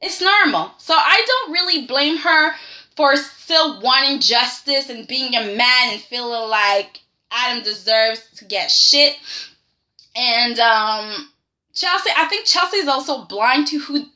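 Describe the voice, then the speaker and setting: A woman hosting a casual soap-opera review vlog, animated and sassy, repeatedly pressing her point with "okay?". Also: high-pitched, unhurried. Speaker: host.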